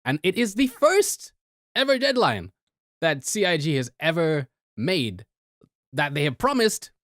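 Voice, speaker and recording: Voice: mid-range voice, sing-song, measured pace, a bit bright, no room sound, studio quality. A co-host on a casual gaming podcast, playful and a little hesitant, laughing along.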